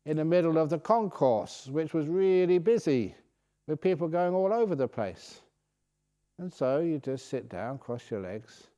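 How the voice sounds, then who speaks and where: Older monk telling stories, mellow voice. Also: male voice, mid-range voice. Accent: British English. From Britain. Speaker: Buddhist monk teaching a meditation retreat. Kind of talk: relaxed dharma talk with anecdotes. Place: retreat centre meditation hall.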